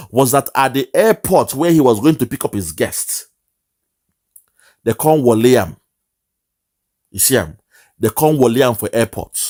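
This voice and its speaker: A man's voice: mid-range voice, a little mellow. A man giving an impassioned political monologue, repeating phrases and slipping into pidgin. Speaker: political commentator.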